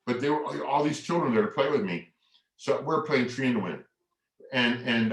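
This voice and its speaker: A man presenting a family workshop, telling a story in a lively way, acting out quotes and leading the audience in movements. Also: medium pitch, moderate pace. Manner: animated storyteller who acts out quotes and leads the audience in movements. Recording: echoey room.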